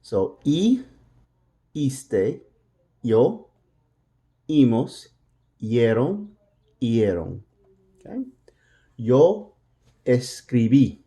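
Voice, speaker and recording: Slow, mellow-voiced man teaching Spanish. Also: medium pitch, sing-song. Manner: patient, repeats words slowly for drilling. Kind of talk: language lesson.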